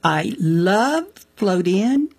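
A woman's voice: mid-range voice, very slow, husky, no room sound. A woman telling a personal faith story as an interview guest, acting out the voices of the people in it. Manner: animated storyteller, acts out quoted voices.

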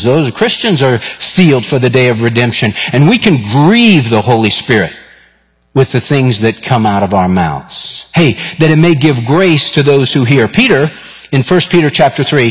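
A pastor in his 50s, with a husky mid-range voice, delivers a sermon full of personal stories, acting out the dialogue in an animated way. The long reverb of a large hall surrounds him.

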